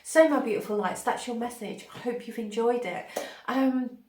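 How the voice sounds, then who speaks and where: A woman's voice: a little high, darkish tone, a little hiss or hum. Gushing, dreamy woman in a roomy echo. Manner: dreamy, gushing, pauses to receive words. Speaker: spiritual channel host. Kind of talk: intuitive channeled message reading.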